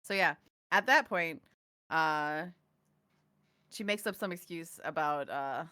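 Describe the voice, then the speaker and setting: A woman as a player in a tabletop game, telling her character's actions in an animated way. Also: low-pitched, slow pace, clean tone, no echo, studio quality. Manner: animated, laughing storyteller.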